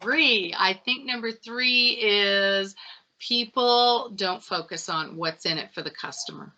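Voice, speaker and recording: A middle-aged woman sales expert in a casual interview, telling stories with animated acted-out dialogue. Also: mid-range voice, slow pace, highs cut off. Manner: animated storytelling, acts out dialogue. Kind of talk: conversational interview.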